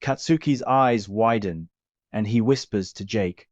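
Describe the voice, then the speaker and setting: Low-voiced man narrating a story. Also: unhurried, no echo, highs cut off. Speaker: reader.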